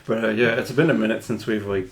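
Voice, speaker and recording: A man's voice: lowish voice, steady tone, quick pace, low-quality recording. A man hosting a casual podcast chat, talking in loose, trailing phrases. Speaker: podcast host.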